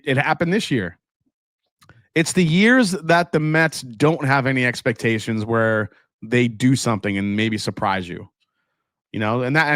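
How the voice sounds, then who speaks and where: A man's voice: mid-range voice, fairly bright tone, no echo, studio quality. A man hosting a casual live stream, chatting loosely and laughing as he reads viewer comments aloud. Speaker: whiskey livestream host.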